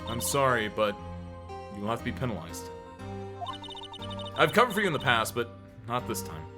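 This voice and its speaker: A man voicing a stern older male chief prosecutor from a video game, speaking low, quiet and stern. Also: big pitch swings, moderate pace, music in the background, natural voice.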